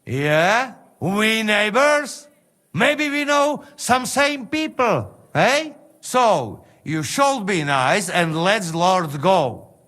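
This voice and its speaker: Janos, a brash Slovak mercenary. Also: male voice, sits high, very animated, drawn-out words, bright, forceful tone, exaggerated voice. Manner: broken English, cajoling. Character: brash male Slovak mercenary, blunt and folksy.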